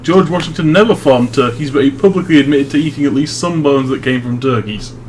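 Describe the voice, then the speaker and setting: A man's voice: mid-range voice, a little fast, darkish tone, slight background noise. A young man hosting a casual session, reading absurd script narration dryly and laughing often. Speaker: host.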